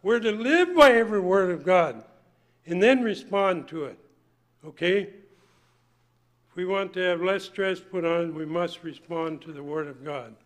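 An older man preaching a folksy sermon, emphatic and swinging between loud points and hushed asides. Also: high voice, unhurried.

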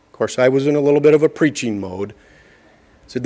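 A middle-aged man giving a sermon, telling a folksy personal story with slow, emphatic phrasing. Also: mid-range voice, mellow. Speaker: preacher.

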